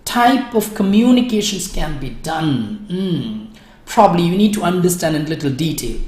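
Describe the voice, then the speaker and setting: A woman's voice: fairly low pitch, a little mellow, roomy sound. A woman teaching an exam speaking class, explaining step by step and addressing her students by name. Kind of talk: online class lecture.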